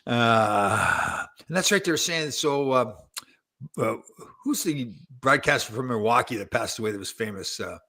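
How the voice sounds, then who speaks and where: A man's voice: medium pitch, expressive, unhurried, sharp tone. A middle-aged man from Canada hosting a casual show, rambling and correcting himself as he hunts for names. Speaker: show host, former hockey player. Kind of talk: casual live show chat.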